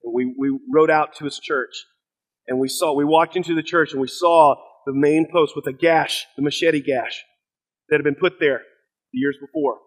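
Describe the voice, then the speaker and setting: A middle-aged man, a pastor preaching a sermon, telling stories in an earnest, halting way with fillers and restarts. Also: fairly high pitch, steady tone, low-quality recording.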